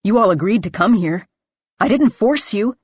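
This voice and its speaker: A woman voicing a frantic, paranoid young man who shouts accusations breathlessly. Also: mid-range voice, lively intonation, moderate pace, slightly rough, no room sound, voice pushed up. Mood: ranting, accusing.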